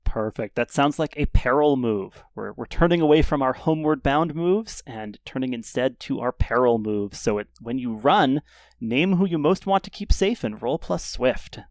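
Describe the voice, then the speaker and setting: A man running a tabletop game as game master, setting scenes in a descriptive, measured way. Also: mid-range voice, expressive, no echo.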